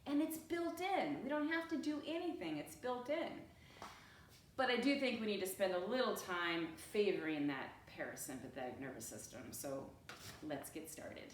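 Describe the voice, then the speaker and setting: A woman yoga teacher talking casually to her class in a chatty, animated way, often laughing. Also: mid-range voice, a little hiss or hum. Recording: echoey room from far off.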